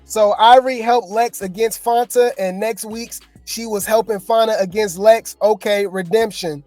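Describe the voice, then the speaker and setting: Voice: mid-range voice, fairly even intonation, moderate pace, darkish tone, no room sound, soft background music. A host giving casual, slangy reaction commentary, chatting and joking with viewers.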